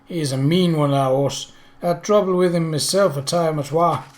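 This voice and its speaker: A man voicing a gruff older male stable groom with rustic country speech. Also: a little high, normal speed, natural voice. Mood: somber.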